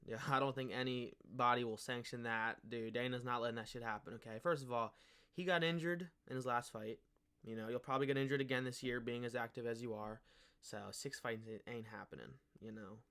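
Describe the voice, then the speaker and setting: A young man rants in casual commentary, heavy on slang and cursing. He mocks his target with offhand scorn. His voice sits at an ordinary middle pitch. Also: steady tone, fairly quick, a bit bright, smooth. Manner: slangy, mocking, swears a lot. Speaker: MMA commentary YouTuber.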